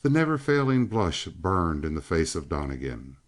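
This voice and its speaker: A man narrating a western novel as an audiobook in a measured, expressive way. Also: low voice.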